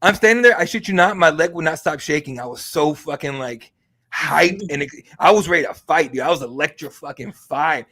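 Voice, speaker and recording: A man hosting an MMA podcast, telling a story in a casual, excitable and profane way. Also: fairly high pitch, a little fast. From Mexican heritage. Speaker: MMA podcast host and reporter.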